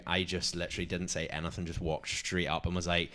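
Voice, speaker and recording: A young man, co-hosting a podcast and telling stories in a casual, animated way, with lots of "like". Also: low voice, fast talker, few pauses. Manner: animated storyteller, heavy use of "like". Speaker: podcast co-host. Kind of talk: casual storytelling chat.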